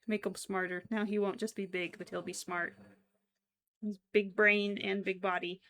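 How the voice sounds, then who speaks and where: A woman's voice: mid-range voice, little pitch movement, measured pace, fairly bright tone. A young woman chatting casually with her stream while crocheting, giggly and given to frequent exclamations.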